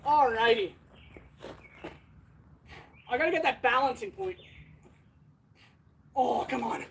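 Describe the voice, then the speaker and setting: High-voiced winded woman livestreaming. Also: slow pace, vocal fry, slight background noise. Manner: winded, talking while swinging a sword; chatty, answers viewers directly. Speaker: blacksmith livestream host. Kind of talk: casual livestream chat.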